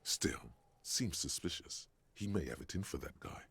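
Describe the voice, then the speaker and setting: A grand, courtly inner voice from a game that calls you sire. It rumbles very deep, heavy with gravel and a husky rasp. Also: male voice, animated, normal speed, a bit bright, heavily acted. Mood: wry. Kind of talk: reading video game dialogue aloud.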